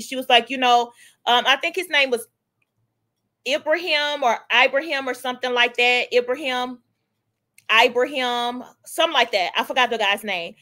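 Bright, high-voiced chatty woman. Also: normal speed. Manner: chatty, animated, greets chat viewers by name. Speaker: livestream host. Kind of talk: casual gossip chat.

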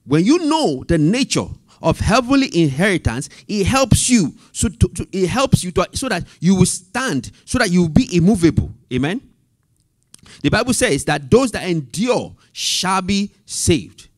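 A man teaching a Bible study, reading scripture slowly and repeating references and key phrases, asking the group for amen. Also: high voice, sing-song, no echo, studio quality.

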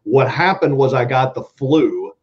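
A man's voice: mid-range voice, animated, unhurried. A man hosting an online talk show, chatty and upbeat with many fillers. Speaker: host. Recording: dull lo-fi audio.

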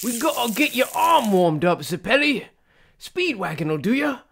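A man voicing a brash, rough-talking loyal sidekick in an animated parody. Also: extremely high pitch, moderate pace, background noise, heavily acted. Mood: eager. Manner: brash, gruff street talk.

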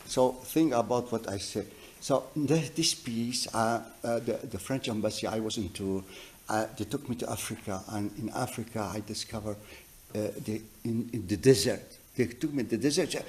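A man teaching a double bass masterclass, telling anecdotes in halting speech, often restarting sentences as he searches for words, then turning emphatic. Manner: animated, emphatic storytelling. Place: music college teaching room.

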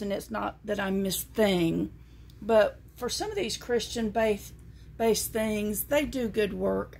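A woman's voice: mid-range voice, creaky, a little mellow, slight background noise. A woman with a Southern American accent, chatting in a homespun way as she shows things to her viewers and reads scripture aloud. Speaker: vlogger. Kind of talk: casual show-and-tell vlog.

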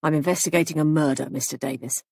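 A woman's voice: sits low, steady tone, fast talker, gravelly, darkish tone, slightly rough, no echo, full character voice. A woman voicing a stern male police sergeant in an audiobook, speaking in a firm, clipped, probing way. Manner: firm, clipped, pressing questions.

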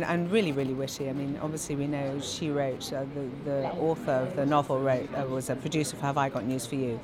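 An actress chatting at a red-carpet premiere, self-mocking and quick with asides. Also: female voice, rumbling low. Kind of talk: casual red-carpet interview. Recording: crowd noise from a premiere. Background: crowd chatter.

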